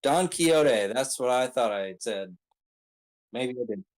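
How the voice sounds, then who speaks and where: A man's voice: mid-range voice, fairly even intonation, a little slow, rough recording. A man casually recapping a story, rambling with many ums and uhs and throwing in joking asides. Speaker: video creator recapping an anime arc.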